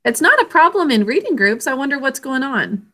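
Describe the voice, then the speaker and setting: A woman teaching an online reading lesson over a video call, sounding out words slowly and clearly syllable by syllable. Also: high voice, sing-song, pushed and bright.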